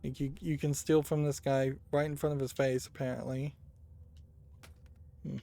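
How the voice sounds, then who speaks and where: Brief: unhurried male let's-play commentator, gravelly and dark, thinking out loud. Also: mid-range voice, flat delivery. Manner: unhurried, thinks aloud with musing hums. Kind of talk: casual gameplay commentary.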